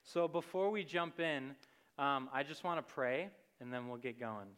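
A man's voice: mid-range voice, moderate pace, a bit bright. Young man giving a casual sermon. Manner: conversational, many fillers and "like".

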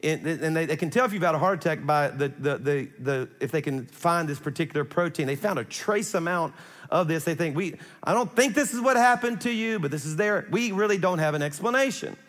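A middle-aged man, a pastor, telling a personal story in a sermon, animated and conversational, acting out what people said. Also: on the high side, fairly quick. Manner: animated, conversational, acts out quotes. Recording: long hall reverb.

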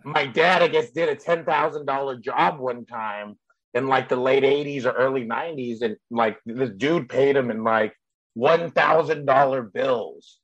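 A man's voice: medium pitch, a little slow, fairly bright tone, dry recording, highs cut off. A male comedian telling a story in casual chat, rambling and profane with many fillers.

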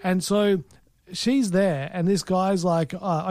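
Halting, rambling man with a high voice. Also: fairly even intonation, darkish tone, dry recording. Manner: rambling, halting with many restarts and fillers. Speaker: podcast co-host. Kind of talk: casual film review chat.

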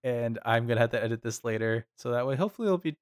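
A man co-hosting a podcast, chatting casually and animatedly about a cartoon episode. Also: medium pitch. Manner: chatty, animated, quick asides. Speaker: podcast co-host. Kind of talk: casual chat.

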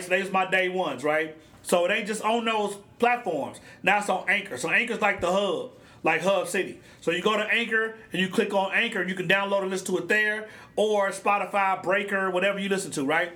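High bright-voiced guy, ranting on his own podcast, blunt and slangy. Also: fairly quick. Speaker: podcast host. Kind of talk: casual solo podcast rant. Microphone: podcast microphone.

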